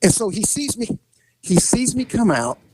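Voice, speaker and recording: A man's voice: sits high, sing-song, normal speed, background noise. A man who was a police officer, casually telling a story and acting out voices and sound effects.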